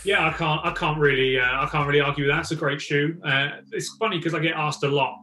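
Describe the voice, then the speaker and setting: A man from England chatting as a guest about golf shoes, relaxed and enthusiastic. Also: on the high side, quick pace, hardly any pauses, a little hiss or hum. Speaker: guest golf fashion reviewer. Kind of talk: casual chat. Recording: echoey room.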